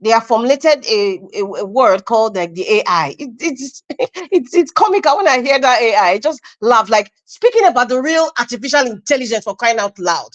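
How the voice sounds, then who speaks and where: High-voiced Nigerian woman, emphatic, scornful debate speaker. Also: expressive, moderate pace. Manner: emphatic, scornful, restarts often. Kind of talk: impassioned political argument.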